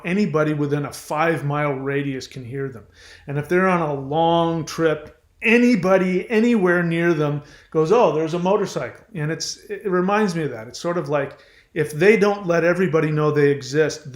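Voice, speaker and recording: Male host, advice monologue, slightly high voice, echoey room. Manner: conversational, slows down on key words.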